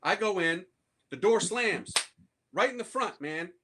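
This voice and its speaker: Against a noisy background, a man with a high-sitting, expressive voice speaks a little slowly. He's a priest recounting his own conversion in lively storytelling fashion, using street slang, doing the voices of those he quotes, and laughing frequently.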